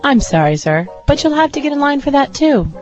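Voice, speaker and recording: A man putting on a high, polite female airline gate agent's voice, sweet and sly. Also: sing-song, fairly quick, muffled recording, music in the background. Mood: sweetly polite.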